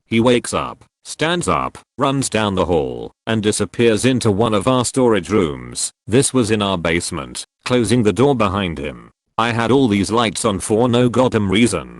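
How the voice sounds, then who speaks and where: A man narrating funny drunk stories from an online forum in a casual, deadpan storytelling manner. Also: on the low side, no room sound. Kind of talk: scripted narration.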